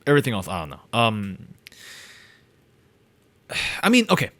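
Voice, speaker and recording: A man co-hosting a podcast in casual chat, animated and blunt, swearing freely. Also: on the low side, normal speed, dry recording. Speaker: podcast co-host.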